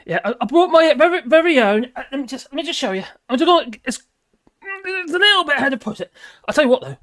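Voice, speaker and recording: A woman's voice: high-pitched, expressive, fast talker, fairly bright tone. An older woman, hosting a live stream and chatting casually with viewers in a rambling, jokey, cheeky way.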